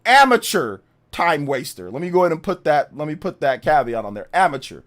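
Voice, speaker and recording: A man's voice: a little high, expressive, fast talker. A middle-aged man streaming live, combatively mocking viewers in his chat and laughing them off.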